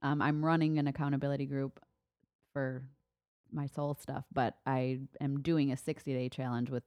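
A woman's voice: very deep voice, moderate pace, smooth, dry recording. A woman in her thirties co-hosting a podcast, rambling and correcting herself in casual chat. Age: 30s. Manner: rambling, self-correcting, animated. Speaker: podcast co-host. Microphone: studio mic.

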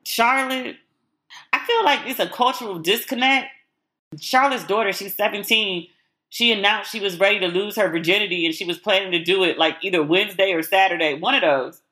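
Woman podcast host, crisp bright tone, chatty and blunt opinions. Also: medium pitch, fairly quick. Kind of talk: casual solo chat.

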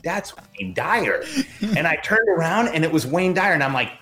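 A middle-aged man telling a long personal story in a conversation, animated and acting out the dialogue. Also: a little high, quick pace. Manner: animated, acts out quoted dialogue. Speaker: podcast guest.

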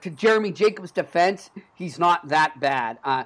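A man's voice: on the high side, expressive, normal speed, hardly any pauses, fairly bright tone. A man in his thirties with a Boston accent, hosting a sports podcast and telling stories in an earnest, conversational way. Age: 30s. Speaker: podcast host.

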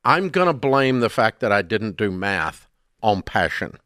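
A man's voice: lowish voice, very animated, unhurried, fairly bright tone, dry recording, clean studio sound. An older man with a Southern US accent hosting a radio talk show, ranting bluntly and emphatically about money mistakes.

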